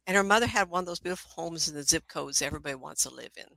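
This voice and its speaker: A middle-aged woman, a psychic, telling personal stories in an animated way, with frequent laughter and asides. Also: low-pitched, rapid-fire, gravelly, no echo, poor audio. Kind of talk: storytelling talk.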